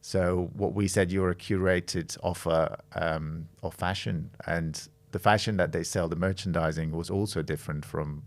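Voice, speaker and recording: A middle-aged man from the Netherlands talks through his work as a podcast guest, with a low voice and a gravelly edge. He thinks aloud, pausing and restarting often, in a relaxed conversational way. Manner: thoughtful, with frequent hesitations and restarts. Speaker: guest, creative director of a design studio.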